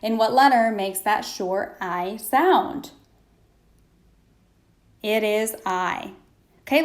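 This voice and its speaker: A woman teaching a phonics lesson to young children, pausing for answers and praising them. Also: a little high. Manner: slow, patient, prompting pauses for answers.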